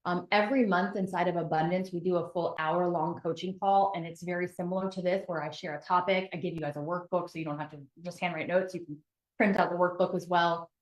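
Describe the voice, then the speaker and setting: A woman's voice: fairly low pitch, steady tone, quick pace. Woman life coach running a group session, upbeat, talks right to you, kinda roomy echo. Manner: upbeat and encouraging, addressing listeners directly.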